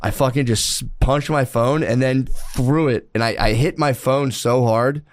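Animated, profane man telling stories. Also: a little slow. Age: adult father. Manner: animated, profane, laughing often, acts out quotes in a raised pitch. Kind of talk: casual storytelling chat.

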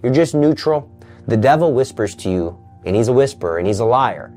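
Guy preaching, earnest, mid pitched voice, soft music under it. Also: lively intonation, a little fast. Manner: earnest, drops to a hush for quoted voices. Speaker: Catholic preacher. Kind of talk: sermon-style teaching talk.

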